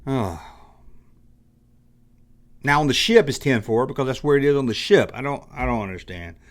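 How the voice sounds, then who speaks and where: A man's voice: medium pitch, normal speed. A man hosting his own channel, giving an exasperated, sarcastic rant in a commentary vlog. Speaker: channel host.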